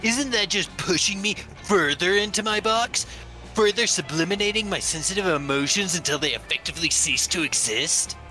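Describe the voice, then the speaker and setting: A man's voice: high-pitched, lively intonation, moderate pace, pushed and bright, faint music behind, heavily acted, poor audio. A man voicing a sensitive, overdramatic young male monster in a plaintive way. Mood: whiny.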